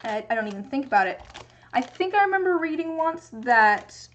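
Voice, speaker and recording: Chatty, rambling young woman, higher voice. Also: very animated, normal speed, slight background noise. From US Pacific Northwest. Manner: rambling and chatty, thinking aloud. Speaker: streamer making resin dice. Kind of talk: casual livestream chat. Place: home craft workspace.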